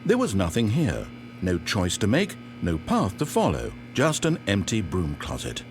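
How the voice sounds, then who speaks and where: A man's voice: sits low, wildly swooping pitch, measured pace, soft background music, full character voice. An actor playing a wry, theatrical male narrator in a video game, speaking in an articulate way. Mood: baffled exasperation.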